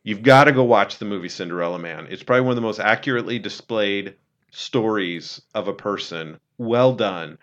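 A man telling a story in an earnest, conversational way, dropping low and quiet when he quotes someone. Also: a little fast, muffled recording. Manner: earnest, retells a film scene, drops low and quiet for quotes. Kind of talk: casual storytelling talk.

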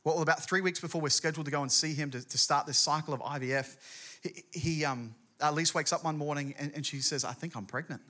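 A middle-aged man preaches a sermon, telling a personal story in animated, quick bursts. His voice is bright and forceful, sitting a little high for a man. He speaks as a guest pastor.

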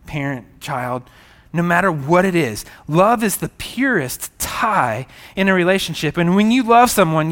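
A male pastor with a notably high-pitched voice delivers a sermon. He preaches with emphasis and circles back to repeat his key lines. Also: fairly bright tone.

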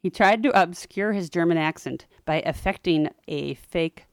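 A woman with a low voice co-hosts a history podcast, narrating in a relaxed, chatty way. She slips in wry jokes and animated asides. The sound is close and dry. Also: moderate pace, dry recording. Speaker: podcast co-host. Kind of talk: casual history storytelling.

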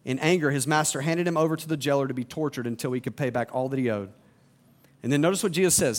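A man's voice: mid-range voice, fast. A man preaching a sermon as a pastor, reading scripture aloud and explaining it with rhetorical questions.

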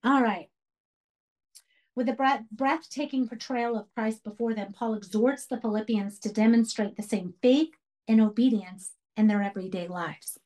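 A woman's voice: fairly high pitch, normal speed, warm tone, poor audio. A woman leading a Bible study for a women's group, earnest and emphatic, repeating key phrases as she teaches. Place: church radio program.

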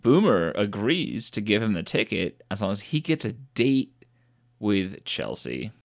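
Man, low gravelly voice, animated pitch, joking casual podcast chat, teasing. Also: unhurried. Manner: joking, teasing, deadpan asides. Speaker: podcast co-host. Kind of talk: casual chat recapping a movie.

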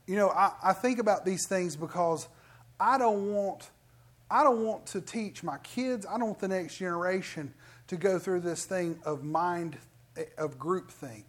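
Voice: medium pitch, unhurried. A middle-aged preacher giving an emphatic sermon with lots of restarts. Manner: animated, emphatic, with many restarts.

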